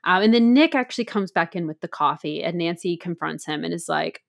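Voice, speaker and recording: A woman co-hosting a casual podcast, recapping a TV episode as a steady storyteller who acts out the characters' lines. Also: on the low side, fairly quick, creaky, few pauses. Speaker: podcast co-host.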